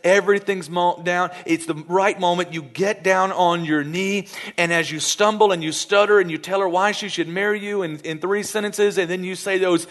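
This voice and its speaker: Animated preacher man, slightly high voice. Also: normal speed, few pauses. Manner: animated, playful, acts out scenes in voices. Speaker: pastor. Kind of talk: sermon. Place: church.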